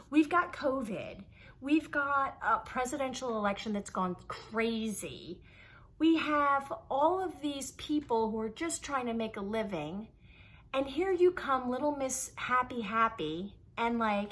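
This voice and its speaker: A woman casually telling a story to camera, animated and exasperated, acting out the people she quotes. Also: fairly high pitch, a little slow. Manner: animated, acts out quoted voices. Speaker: vlogger.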